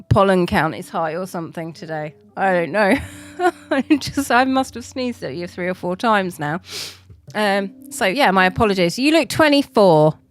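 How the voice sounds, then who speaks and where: A woman in her forties chatting casually to viewers on a live stream, rambling and laughing often. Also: medium pitch. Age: 40s.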